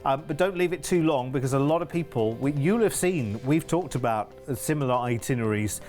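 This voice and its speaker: A man's voice: medium pitch, animated, fairly quick, darkish tone, soft background music. Chatty upbeat British man presenter. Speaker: TV shopping channel presenter. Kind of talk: enthusiastic sales chat.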